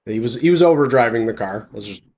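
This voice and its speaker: A man hosting a casual conversation, explaining car details in a relaxed, technical way. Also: mid-range voice, fast talker, slight background noise. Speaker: host.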